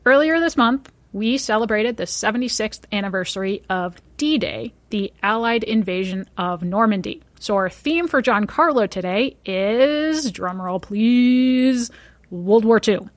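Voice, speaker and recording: A woman co-hosting a casual podcast, quizzing her partner with a playful, teasing manner. Her voice sits at an ordinary middle pitch. The sound is dry and close, with no room around it. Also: a little slow, hardly any pauses, dry recording. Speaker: podcast co-host running a trivia quiz.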